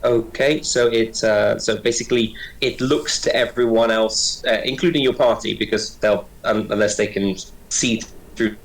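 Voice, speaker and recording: A man narrating as game master, talking quickly and chattily with many fillers. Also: lowish voice, fairly even intonation, poor audio.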